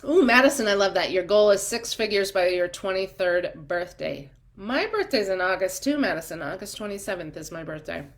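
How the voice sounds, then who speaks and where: A woman's voice: mid-range voice, animated, normal speed, hardly any pauses. A woman in her forties coaching doulas in a live-streamed chat, upbeat and encouraging, reading out viewer comments with frequent ums.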